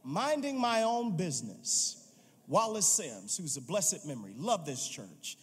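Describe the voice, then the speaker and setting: A male pastor preaching a sermon, telling the story with animated, playful asides and building to emphatic calls. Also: on the high side, measured pace, husky. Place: church sanctuary. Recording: long reverb in a large sanctuary.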